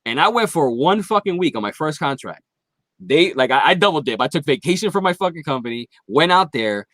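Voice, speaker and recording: A man's voice: a little high, sing-song, fairly quick, a bit bright, dry recording. A man guest on a podcast, telling a long, profanity-heavy story in casual chat. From Philadelphia area.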